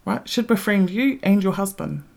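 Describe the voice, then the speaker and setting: A middle-aged woman rants bluntly into the mic, swearing freely and leaning hard on her words. Her voice has a gravelly, fry-tinged edge at a middle pitch. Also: expressive, normal speed, darkish tone. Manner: blunt, heavy swearing, emphatic. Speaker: podcast host. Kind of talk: casual ranting monologue.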